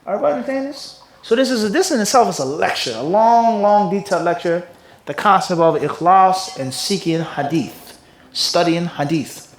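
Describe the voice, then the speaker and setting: A man, a mufti, giving a religious lecture on hadith, quizzing his class with rhetorical questions and reading passages aloud in rapid Arabic. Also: sits high, animated. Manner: call-and-response teaching with rhetorical questions the class answers.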